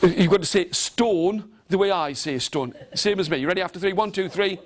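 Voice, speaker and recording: In a large room with a live audience, a man runs an interactive storytelling workshop for teachers, performing a folk tale theatrically. He's animated, leading call-and-response as the audience joins in with actions and repeated lines. His voice is high-pitched and his speed normal.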